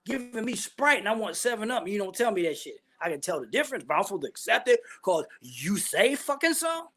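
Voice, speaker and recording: A man's voice: high voice, sing-song, brisk, a bit bright. A man ranting bluntly and profanely about politics, full of heavy slang. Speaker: vlogger giving opinions.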